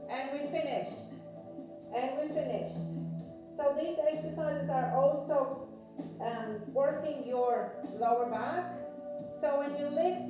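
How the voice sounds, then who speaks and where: A woman's voice: sits high, heavy reverb, distant mic, rough recording. A woman leading a home pilates workout, counting reps and urging people on while she exercises and gets out of breath. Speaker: fitness instructor.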